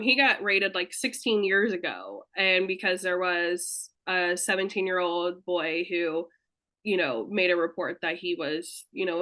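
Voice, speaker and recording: A woman hosting a podcast, with a bright, sharp tone of voice. She talks casually and laughs easily. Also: medium pitch. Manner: chatty, laughing, mock impressions. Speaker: podcast host. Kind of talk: casual chat.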